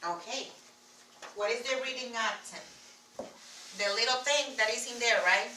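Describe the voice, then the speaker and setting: A woman's voice: fairly high pitch, a little slow, sharp tone, slight background noise. Spanish-accented woman teaching from the board. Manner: patient, repeats key words, writes on board while talking. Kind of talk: classroom teaching. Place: classroom. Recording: echoey classroom from far off.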